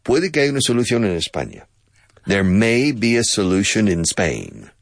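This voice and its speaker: A man teaching English, chatty and digressive, with a laugh never far off. His low voice has a husky edge and swings widely in pitch. The sound is dry and close. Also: sing-song, normal speed, no room sound. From Texas. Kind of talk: language lesson with drills.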